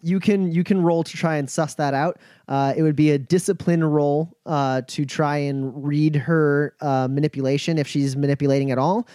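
A man's voice: on the high side, fairly even intonation, normal speed, few pauses, warm tone, clean tone, dry recording, studio quality. A man narrating a tabletop game as game master, loosely, with many fillers.

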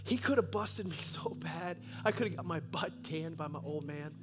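Animated fifty-something male pastor. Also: fairly high pitch, moderate pace, music in the background. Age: 50s. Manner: animated, bursts of excited laughter and loud peaks. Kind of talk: sermon storytelling. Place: church.

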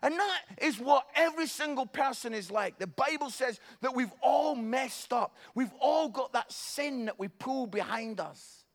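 A man preaching a sermon, telling jokey, animated stories. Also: very high voice, measured pace, hardly any pauses.

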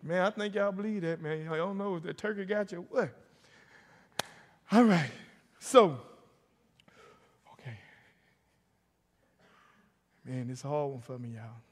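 Long hall reverb surrounds a middle-aged man preaching as a pastor in a church sanctuary. His high-pitched voice is animated, moving at a moderate pace and pausing often as he tells stories and calls out to the congregation.

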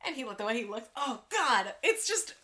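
Bright, animated young woman gushing. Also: a little high, moderate pace. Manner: excitable, gushing, swings between hushed and loud. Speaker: podcast co-host. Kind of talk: casual chat.

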